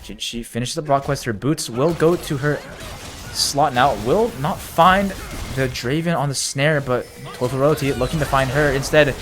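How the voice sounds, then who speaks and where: A man doing live play-by-play commentary of an esports match, getting loud and excited during big plays. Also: medium pitch, normal speed, faint music behind.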